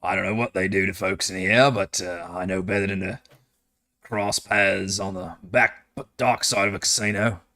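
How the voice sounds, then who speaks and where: A man voicing a sly, smug male gambler who speaks in a quiet, wry, insinuating way. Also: low-pitched, fairly even intonation, moderate pace.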